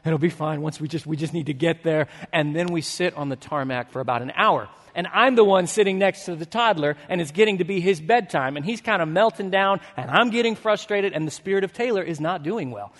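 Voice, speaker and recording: Male pastor, 30s, high-pitched, storytelling sermon, swings between animated and hushed, big reverberant hall. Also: fairly quick, few pauses.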